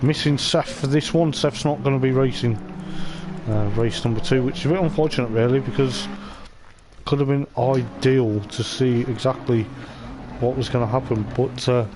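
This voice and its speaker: Guy doing rambly live race commentary for a sim racing league, game engines roaring loud behind him. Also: medium pitch, steady tone, moderate pace, background noise. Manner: chatty, meandering running commentary. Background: race car engine sounds from the game.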